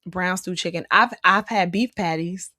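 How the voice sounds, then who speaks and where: A woman's voice: on the low side, moderate pace, sharp tone, no room sound, clean studio sound. A woman hosting a live stream, reading out viewer comments about food and chatting back casually. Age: adult. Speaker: host reading live chat.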